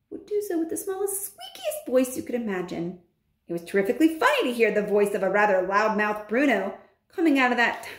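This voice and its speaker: A woman, a teacher, reading a children's novel aloud in an expressive storybook manner. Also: mid-range voice. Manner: expressive, with lively intonation. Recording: roomy echo.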